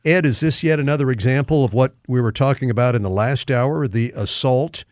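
A man hosting a talk radio show, taking calls in a brisk, businesslike way. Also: medium pitch, a little mellow, dry recording, clean studio sound.

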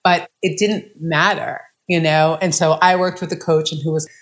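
A woman's voice: low voice, fairly even intonation, moderate pace. A woman coach, a guest, telling her story in a casual, chatty way, often saying "like" and "right?". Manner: chatty, many fillers like "like" and "right?".

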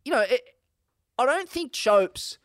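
A man's voice: very high voice, sing-song, measured pace, clean tone, no echo, studio quality. A young Australian man co-hosting a podcast, brash and joking with plenty of swearing. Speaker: podcast co-host. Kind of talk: casual chat.

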